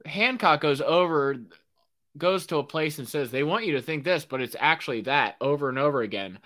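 A young man hosting a solo podcast, ranting excitably in casual speech, with lots of fillers and swearing. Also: fairly high pitch, moderate pace. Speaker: podcast host. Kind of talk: solo rambling podcast monologue.

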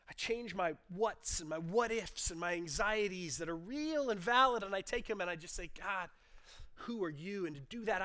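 Male preacher, thirties, high bright voice; earnest sermon swinging between soft and fervent. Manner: builds from quiet explaining to impassioned, rising delivery. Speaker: pastor.

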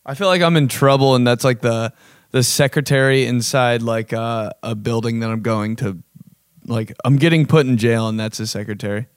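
A man's voice: medium pitch, normal speed, clear, resonant tone, dry recording, clean studio sound. A man hosting a video, ranting casually and comedically in a rambling, profane way. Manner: rambling, profane, joking, fond of bro and dude. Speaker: vlog host.

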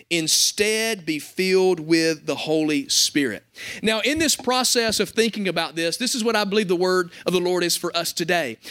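A man's voice: high-pitched, a bit bright. A young adult man pastor preaching a sermon to his congregation, conversational and joking.

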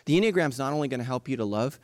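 A middle-aged man delivers a sermon as pastor, expressive and passionate, moving from loud bursts to slow, hushed emphasis. He speaks at medium pitch, and there's no echo.

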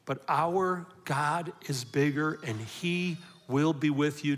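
A man preaching a sermon with emphatic call-and-response questions, swinging from loud, driving lines to hushed ones. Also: on the high side, slow pace, big-room sound, a little hiss or hum. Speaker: pastor.

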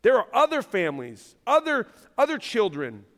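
A male pastor preaching with a high, animated voice that rises and falls all over the place. He jokes and laughs with his congregation between points, poking fun at himself. His voice rings out with the long reverb of a large church hall. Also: normal speed. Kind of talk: sermon.

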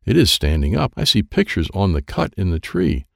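A man narrating a children's chapter book in an animated, playful way, voicing the sound effects himself. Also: low-pitched, a little fast, creaky, no echo, studio quality. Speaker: audiobook narrator.

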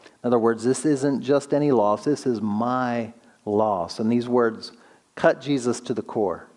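A man preaching a sermon, earnest, asking the listener questions and slowing down to stress key words. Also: medium pitch, a little mellow. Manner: earnest, slows down for emphasis, asks rhetorical questions. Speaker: pastor.

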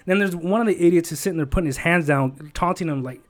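A man's voice: a little high, quick pace. Rambling, swearing man telling a story. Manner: rambling, profane, emotional storytelling with many fillers. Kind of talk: casual chat.

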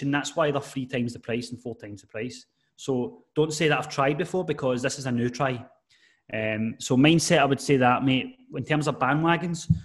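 A man at a middle pitch, talking as a personal trainer guest on a podcast. He gives advice earnestly and emphatically, often dropping "mate" into his sentences in a relaxed conversational way. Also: slightly rough. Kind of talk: casual podcast chat.

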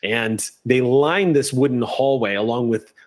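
A man's voice: mid-range voice, a little slow. A man narrating a tabletop game as game master, describing scenes at length with frequent fillers.

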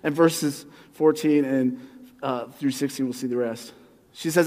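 Animated conversational preacher, fairly high voice. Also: male voice, long reverb tail. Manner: conversational and animated, often slowing down for emphasis. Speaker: pastor. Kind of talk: sermon.

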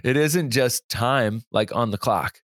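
A man, a pastor hosting a podcast, talking in a casual, animated way and reading quotes aloud. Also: mid-range voice, a little slow, dry recording, studio quality. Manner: animated storytelling, laughs easily, reads quotes aloud.

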